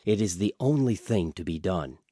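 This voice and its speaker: A man reading a calm, sensible queen. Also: sits low, moderate pace, breathy edge, dry recording, studio quality. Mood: advising.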